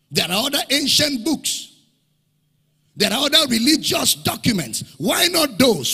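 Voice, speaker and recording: A man's voice: very high-pitched, big pitch swings, measured pace, vocal fry, pushed and bright, slightly rough. A man preaching a sermon, firing repeated rhetorical questions in a sing-song cadence. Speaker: pastor. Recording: large hall reverb, faint music behind.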